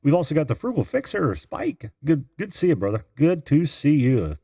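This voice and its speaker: A man hosting a live call-in stream, his gravelly voice swinging up and down as he chats and greets viewers by name. He laughs often and keeps it loose. The sound is dry and close, with no room echo. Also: on the high side, very animated, normal speed, warm tone. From Indiana. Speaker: host of a live video call-in show. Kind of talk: casual live-stream chat.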